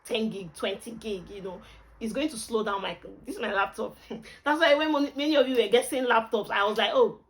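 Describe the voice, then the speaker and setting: A woman's voice: a little high, a little fast, low-quality recording. A woman with a Nigerian accent, chatting casually and expressively through a camera review vlog, with pidgin exclamations.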